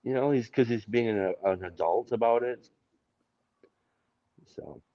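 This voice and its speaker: A man's voice: mid-range voice, measured pace, dull audio. A man hosting a casual chat, joking and rambling loosely. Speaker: host.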